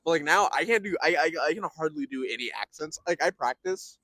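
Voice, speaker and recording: Lively young man co-hosting a chat. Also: on the high side, fairly quick, no room sound. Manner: animated, filler-heavy, laughing often. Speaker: podcast co-host. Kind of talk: casual chat.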